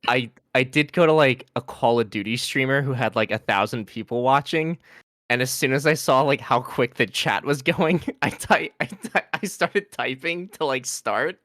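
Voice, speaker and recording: Very deep-voiced woman contestant, chatty. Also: moderate pace, fairly bright tone, no room sound, studio quality. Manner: chatty, leans on filler words, sheepish. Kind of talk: casual live stream chat.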